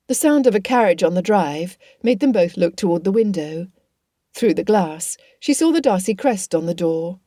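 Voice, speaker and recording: A woman narrating a period novel audiobook in a measured storytelling manner. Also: on the low side, lively intonation, warm tone, no room sound, clean studio sound.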